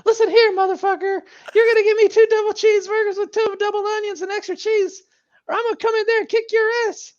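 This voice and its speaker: A man putting on the voice of a foul-mouthed, threatening male wrestling manager, raised way above his own pitch. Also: flat delivery, quick pace, highs cut off.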